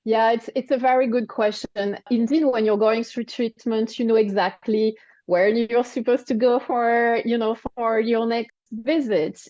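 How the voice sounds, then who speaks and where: A woman in her forties speaking English with a French accent, answering interview questions in a reflective, explanatory way. Her voice is fairly high but mellow and soft-toned. The sound is dry and slightly dull. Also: steady tone, unhurried, no echo. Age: 40s. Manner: reflective, explanatory, frequent "right?" and "you know". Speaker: guest. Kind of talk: interview conversation.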